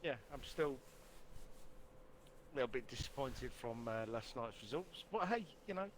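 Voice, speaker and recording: A man's voice: mid-range voice, expressive, normal speed, slight background noise. A man co-commentating on a live sim racing stream, laid-back with a dry, wry way of talking.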